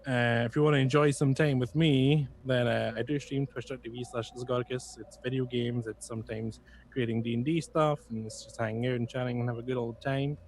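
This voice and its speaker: A man, a streamer, giving a relaxed and friendly plug for his stream. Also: mid-range voice, brisk, a little hiss or hum. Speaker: streamer and player. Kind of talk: casual sign-off.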